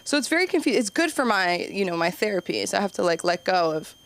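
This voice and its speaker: A young woman doing open mic stand-up, rambling and self-deprecating, acting out quoted voices with sudden jumps up in pitch. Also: big pitch swings, quick pace. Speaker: stand-up comedian.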